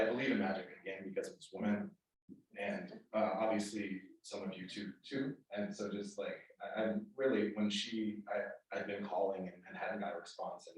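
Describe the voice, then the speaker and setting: A man giving a heartfelt tribute at a memorial, speaking haltingly with many restarts. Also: on the low side. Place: spiritual center hall. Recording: echoey hall, mic from far off.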